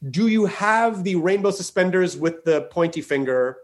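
A man's voice: sits high, animated, moderate pace. Rambling profane comedic podcast man. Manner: rambling, profane, joking riffs. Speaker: podcast host. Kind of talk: casual comedic chat.

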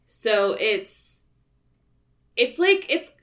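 A woman's voice: fairly high pitch, big pitch swings, extremely slow. A woman in her thirties from Maryland with a Baltimore accent, co-hosting a podcast in casual, rambling chat full of restarts and fillers. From Maryland, USA. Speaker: podcast co-host.

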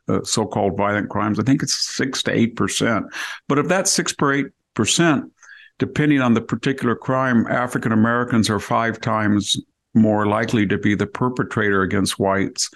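Male podcast regular, low gravelly voice, argumentative, restarts sentences often. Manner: argumentative, asks rhetorical questions; frequent restarts and self-corrections. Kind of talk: opinion podcast commentary.

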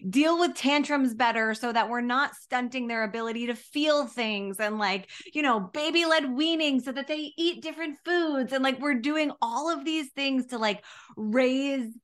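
A woman's voice: high-pitched, moderate pace. A young adult woman co-hosting a podcast as a dietitian, talking in casual chat with lots of fillers and some swearing. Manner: animated, filler-heavy, swears.

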